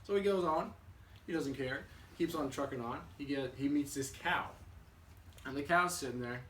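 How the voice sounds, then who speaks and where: A young man casually telling a children's story for a class, relaxed and chatty, with fillers and restarts. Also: mid-range voice, moderate pace. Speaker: student. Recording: echoey room, mic at a distance, faint hiss.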